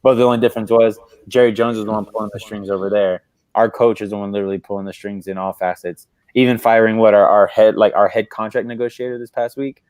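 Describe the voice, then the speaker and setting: A man's voice: on the low side, steady tone, fast talker, darkish tone, no echo. A man co-hosting a casual sports livestream, sharing earnest and exasperated fan opinions, with frequent "uh" fillers. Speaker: podcast co-host.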